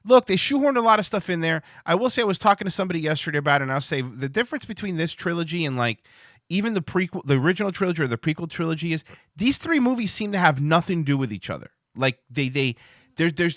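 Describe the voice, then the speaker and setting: A man's voice: high-pitched, very animated, fast talker, sharp tone, no echo, clean studio sound. A man hosting a livestream show, rambling and swearing casually as he chats to viewers. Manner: rambling, profane, restarts a lot.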